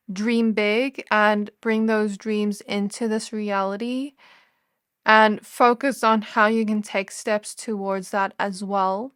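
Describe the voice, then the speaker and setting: A woman giving a gentle, intuitive tarot reading to her viewers, now and then laughing softly and correcting herself as she goes. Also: mid-range voice, clear, resonant tone, dry recording, clean studio sound. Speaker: tarot reader. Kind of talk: soft spoken tarot reading.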